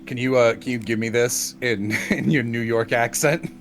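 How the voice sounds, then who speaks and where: A man's voice: medium pitch, moderate pace, a little hiss or hum. A man chatting casually with friends on a live stream, joking and laughing often, with an Irish accent. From Ireland. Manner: animated, laughs often, jokey quoted voices.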